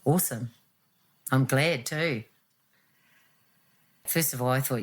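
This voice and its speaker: A woman, telling her own story in an animated, reflective way and acting out what was said. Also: extremely low pitch, slow pace. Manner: animated, acts out quotes with laughs.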